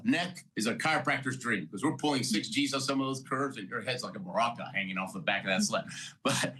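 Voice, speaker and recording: An older man in his sixties with a bright, forceful voice sits as an interview guest and tells his story. He talks with lively energy, laughs often and slips into the voices of the people he met along the way. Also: fairly low pitch, low-quality recording. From Houston, Texas. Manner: energetic, motivational, laughs often, acts out dialogue. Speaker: guest, Olympic athlete.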